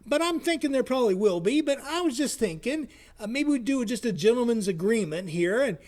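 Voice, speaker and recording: A man voicing an aging male softball player, folksy and earnest, stumbling and repeating his words. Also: very high-pitched, animated, brisk, voice pushed up.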